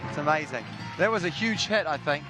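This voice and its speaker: A man's voice: fairly high pitch, animated, fairly quick, over music. A man hosting a backstage TV interview, jokey and upbeat. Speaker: host.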